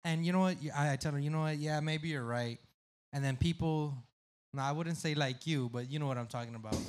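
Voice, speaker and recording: A man co-hosting a podcast in casual banter, loud and profane, swinging between jokes and confessions. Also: a little high, fairly quick. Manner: loud, swearing, jumps between joking and confessional. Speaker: podcast co-host.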